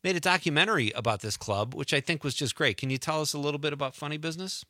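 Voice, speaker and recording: A man hosting a talk radio interview in a studio, upbeat and chatty and quick to laugh. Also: a little high, bright, forceful tone, no room sound. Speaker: radio show host.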